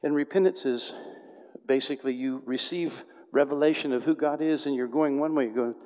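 A man preaching a storytelling sermon, swinging between loud outbursts and hushed tones. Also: medium pitch, a little fast, big-room sound.

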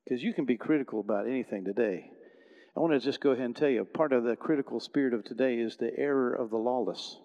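A middle-aged man preaching a sermon in a conversational storytelling way, often restarting sentences and swinging between loud and soft. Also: medium pitch, fast, big-room sound. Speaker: pastor.

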